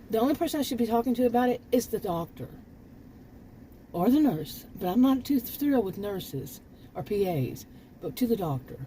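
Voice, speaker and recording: A woman's voice: medium pitch, mellow, a little hiss or hum, rough recording. An older woman vlogging in a casual, rambling monologue, often restarting her sentences and sounding frankly exasperated.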